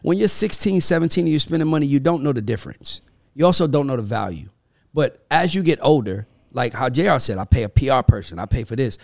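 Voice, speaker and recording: A man's voice: lively intonation, fast talker, vocal fry, no room sound, studio quality. A man with a Southern accent from the American South, co-hosting a podcast in casual, emphatic chat. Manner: emphatic, storytelling, swings between low and high. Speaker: podcast co-host.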